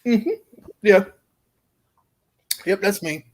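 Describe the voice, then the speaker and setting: A man's voice: high-pitched, drawn-out words. Man telling a rowdy story. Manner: animated storyteller, laughing through his own anecdote. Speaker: guest storyteller. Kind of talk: casual chat.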